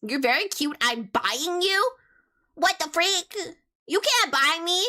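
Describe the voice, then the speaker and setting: A woman's voice: extremely high pitch, expressive, slow, bright, forceful tone. A woman streamer with a childlike, youthful-sounding voice, chatting casually and playfully as she reads and answers her chat. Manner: playful and chatty, with teasing asides.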